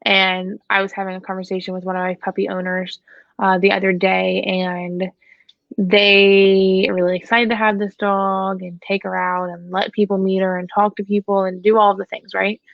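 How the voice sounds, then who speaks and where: A woman dog trainer talks through a casual Q&A in a frank, joking way. Her voice is gravelly. The recording is dry and a little dull, with a lo-fi edge. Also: medium pitch, flat delivery, moderate pace, dry recording. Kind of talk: casual Q&A chat.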